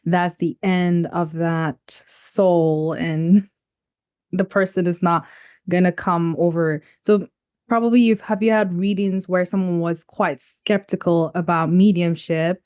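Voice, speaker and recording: A woman's voice: fairly low pitch, steady tone, takes it slowly, a little mellow, clean tone, no room sound, clean studio sound. A woman hosting a podcast interview, asking questions in a thoughtful, loose way with many fillers. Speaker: podcast host.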